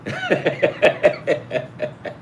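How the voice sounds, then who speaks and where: Speaking extremely slowly against slight background noise, a middle-aged East Coast man tells meandering stories full of profanity. He's on a casual sports betting show from his home in California, doing voices for the people he quotes.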